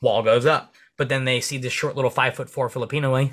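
A man speaking as a police officer and podcast guest. He tells energetic stories in casual interview chat and swears freely. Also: fast talker. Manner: acts out dialogue in comic high voices.

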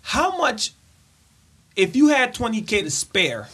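A man's voice: very high-pitched, huge pitch swings, slow, bright, forceful tone, a little hiss or hum. A man co-hosting a podcast in casual chat, curious and quizzing his friends with questions. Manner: curious, asks the group questions. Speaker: podcast co-host.

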